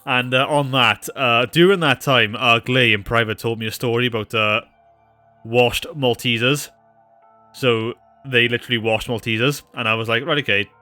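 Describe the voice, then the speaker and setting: A man's voice: mid-range voice, fairly even intonation, moderate pace, sharp tone, dry recording, faint music behind. A man, chatting casually on a game stream and rambling through anecdotes with plenty of fillers. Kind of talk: casual live-stream chat.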